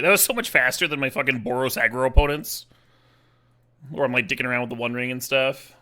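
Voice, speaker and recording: With a quick pace and a sharp, medium-pitched voice, a man streams a card game and comments casually on his plays, swearing, laughing frequently, and thinking aloud.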